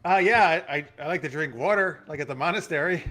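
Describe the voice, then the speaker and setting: A man's voice: on the high side, quick pace, a bit bright, close to an everyday voice. A man voicing a naive young woman who was raised in a monastery and is confused by the outside world. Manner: wide-eyed, innocent, easily confused.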